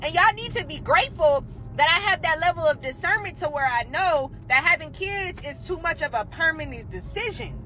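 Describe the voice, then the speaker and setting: Loud sassy woman in her twenties. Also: extremely high pitch, animated, fairly quick, few pauses, background noise. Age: 20s. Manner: loud, sassy, laughing, emphatic. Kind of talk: casual rant to camera.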